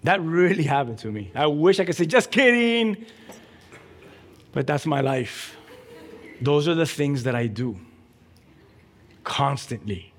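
A man preaching a sermon, emphatic and energetic, telling a story with lively quoted voices. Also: mid-range voice, unhurried, long pauses, big-room sound. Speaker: pastor.

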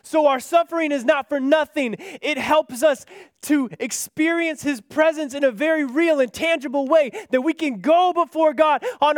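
A man preaching a sermon in an earnest manner, rising to impassioned pleas and then dropping soft and low. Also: moderate pace, dry recording, studio quality.

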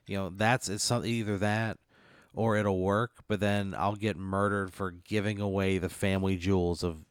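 Low-voiced man, exasperated and profane. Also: flat delivery, moderate pace, clear, resonant tone, dry recording, studio quality. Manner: exasperated, swears freely. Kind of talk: casual chat.

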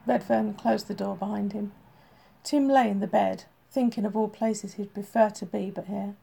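A woman narrating a crime novel as an audiobook, with steady, even storytelling. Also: mid-range voice, normal speed, vocal fry, breathy edge.

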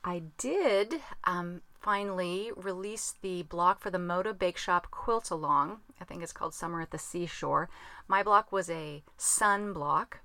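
A woman's voice: on the low side, unhurried, sharp tone, dry recording. A woman hosting a podcast in casual chat, rambling and laughing at herself, recorded in a small closet. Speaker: podcast host.

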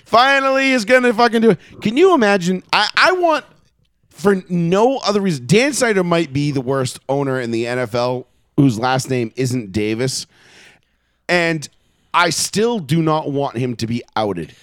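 A man riffing in a casual podcast, loose, profane and always reaching for a joke. His voice sits a bit high. The sound is close and dry. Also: expressive, normal speed, fairly bright tone, no echo. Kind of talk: casual chat.

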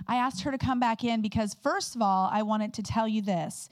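A woman guest speaker giving a candid, conversational sermon with quick personal asides. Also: on the high side, no room sound.

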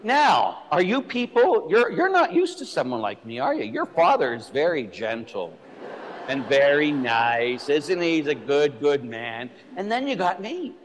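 Blunt, animated male priest preaching with a fairly high voice that swoops widely, heard with a long echo in a church. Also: unhurried, a little hiss or hum. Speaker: Catholic priest. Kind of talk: sermon. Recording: echoey church hall.

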